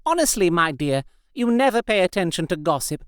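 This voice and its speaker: A man's voice: sits high, big pitch swings, clean tone, no echo, studio quality, voice pushed up. A man voicing a fussy, gossipy young society lady in an audiobook. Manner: brisk, bossy, socially fussy.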